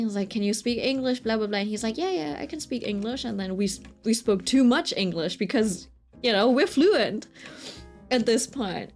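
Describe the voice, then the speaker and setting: A young woman telling a story in casual chat, full of fillers and quick laughs, asking "right?" often. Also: a little high. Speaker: vlogger.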